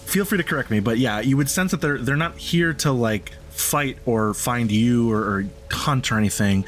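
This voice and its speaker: A man narrating a tabletop game as game master, setting scenes slowly and dropping to a hush at times. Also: medium pitch, soft background music. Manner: slow descriptive scene-setting, drops to a hush.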